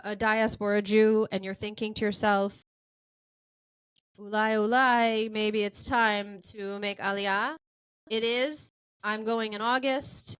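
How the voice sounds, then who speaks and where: A woman's voice: a little high, smooth, dry recording, rough recording. Chatty American woman podcast host. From United States. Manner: chatty, animated, many fillers. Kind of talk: casual chat.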